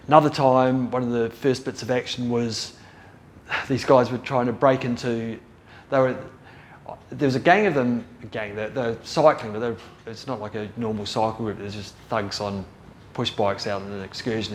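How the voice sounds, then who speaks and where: A man's voice: medium pitch, slight background noise. New man telling old stories. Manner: rambling, self-interrupting, laughs at own story. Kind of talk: casual storytelling.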